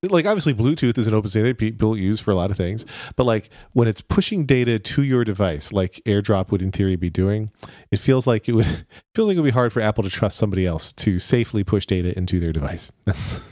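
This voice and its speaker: A man's voice: on the low side, lively intonation, fast talker, a little mellow, no echo, clean studio sound. A man in his forties hosting a podcast, reading listener questions and joking with his co-hosts in casual chat. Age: 40s. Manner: jokey, reads listener questions. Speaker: podcast host.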